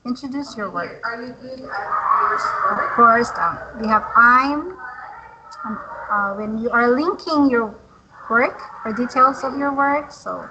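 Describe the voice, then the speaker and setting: A woman tutoring English, patient and encouraging, modeling words slowly for a learner. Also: a little high, background noise. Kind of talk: online English lesson.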